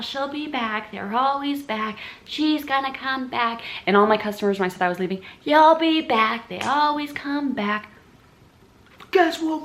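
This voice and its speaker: A young woman telling a casual storytime vlog, animated and profane, often talking straight to her viewers. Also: fairly low pitch. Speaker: vlogger.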